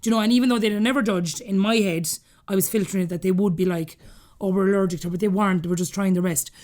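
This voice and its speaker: A woman from Ireland with a Cork accent, in her thirties, rattles through a story at a quick clip. She is a guest on a podcast, chatting freely and breaking into laughter between phrases. Her voice sits at an ordinary middle pitch for a woman. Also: fairly even intonation, darkish tone. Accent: Irish, Cork. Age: 30s. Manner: chatty, laughing often while telling stories. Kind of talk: casual storytelling interview.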